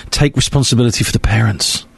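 A man's voice: mid-range voice, quick pace, gravelly, breathy edge, no room sound. A man presenting on radio, handing out dry, wry advice. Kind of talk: casual radio chat.

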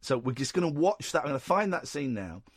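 A man's voice: mid-range voice, very animated, fast talker, husky, no room sound. A man hosting a radio show, reading news stories aloud and breaking off with sarcastic asides. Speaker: radio host. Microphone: studio microphone.

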